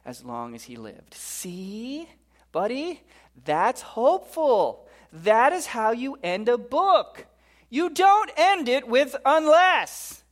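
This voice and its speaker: A preacher acting out a blunt, exasperated executive who lectures and pushes hard, with a fairly high voice that climbs as he insists. He sounds impatient and bossy. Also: expressive, normal speed, lightly acted. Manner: pushy, exasperated. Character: exasperated male publishing executive, pushy and blunt.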